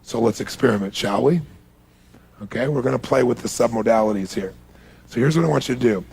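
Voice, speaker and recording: Gravelly man coaching a live audience. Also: mid-range voice, brisk. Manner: animated, coaxing audience through exercises. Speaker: motivational speaker. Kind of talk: live seminar talk. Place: large hall with a live audience.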